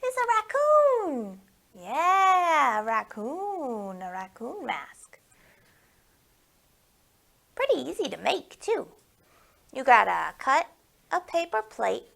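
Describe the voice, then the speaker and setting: High, sing-song storytime lady. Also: big pitch swings, slow, creaky, pauses often, fairly bright tone. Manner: sing-song, playful, coaxing questions to kids. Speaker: children's librarian hosting storytime. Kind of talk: storytime for young children.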